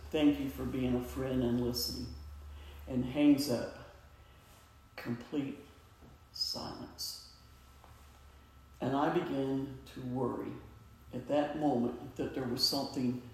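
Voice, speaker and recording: A middle-aged man giving an earnest, heartfelt personal testimony at a suicide awareness event. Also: medium pitch. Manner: earnest, slow, heartfelt storytelling. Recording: echoey hall, mic far off.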